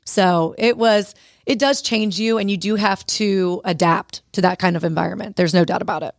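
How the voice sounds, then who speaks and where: A woman, an author and guest on a radio show, telling lively stories and acting out the dialogue. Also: medium pitch, moderate pace, no echo, clean studio sound. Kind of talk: conversational interview storytelling. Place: radio studio.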